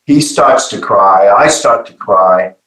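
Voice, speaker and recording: A middle-aged man telling a personal testimony in an earnest, halting way, often repeating his words. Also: fairly low pitch, animated, bright, forceful tone, reverberant, poor audio. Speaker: guest giving testimony.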